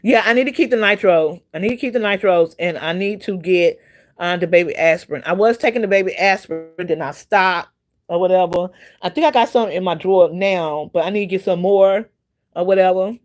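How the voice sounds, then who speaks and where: A woman's voice: lowish voice, fairly quick, faint music behind. A woman chatting on her own livestream, telling a story in a loose, rambling way. She repeats phrases, leans on fillers, and stops to greet viewers by name as they arrive. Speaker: livestream host. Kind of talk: casual livestream chat.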